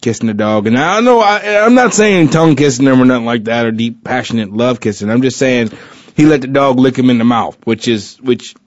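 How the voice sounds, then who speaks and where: This chatty podcast host has a mid-range male voice and talks fairly quickly, captured in a dry, dull lo-fi recording. His casual show wanders with fillers and restarts while he keeps cracking jokes.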